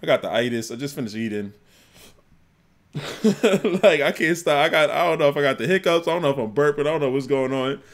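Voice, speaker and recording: A young man hosting a music reaction channel, excitable and slangy, rambling with lots of fillers. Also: on the high side, fairly quick. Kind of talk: casual reaction commentary.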